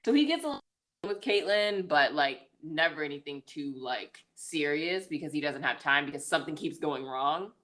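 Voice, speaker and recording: A woman's voice: low-pitched, animated, normal speed, fairly bright tone. A woman co-hosting a podcast, casually recapping a film's plot with lots of "like" and "um" and the odd laugh. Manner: chatty, full of "like" and "um"; laughs now and then mid-story. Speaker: podcast co-host. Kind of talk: casual movie review recap.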